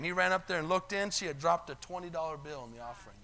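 Male pastor preaching from the pulpit; high, bright voice, retells stories in quoted voices. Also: fairly quick, few pauses. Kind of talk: sermon storytelling. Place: church sanctuary.

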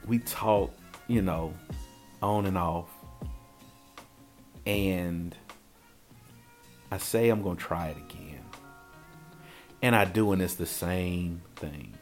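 A man telling a profane personal story in a casual, animated way, acting out his own quoted lines. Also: sits low, takes it slowly, long pauses, soft background music.

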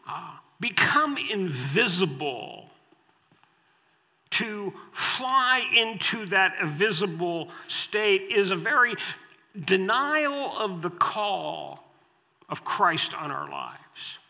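Man, pastor, sermon, slow emphatic delivery, long church reverb. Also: high voice, big pitch swings, gravelly, sharp tone. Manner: emphatic, repeating key phrases. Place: church sanctuary at the pulpit.

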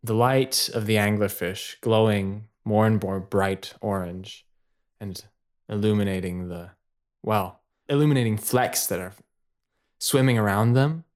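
A man's voice: fairly low pitch, unhurried. A man narrating an improvised shared story, laughing often and rambling loosely.

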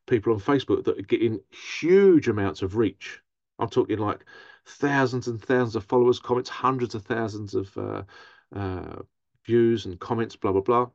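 A man's voice: fairly low pitch, normal speed, vocal fry, no echo, highs cut off. A man, a therapist, talking through a casual monologue, often mimicking other people in a raised voice. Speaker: therapist and podcast host.

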